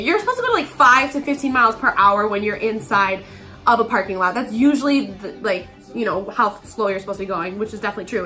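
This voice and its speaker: A young woman tells a story in a loose, chatty way, her voice bright and fairly high, with "like" dropped all through it. She acts out the people in her story as she goes. Soft music plays behind her. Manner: chatty, heavy use of "like", acts out quotes. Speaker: vlogger. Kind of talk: casual storytime monologue.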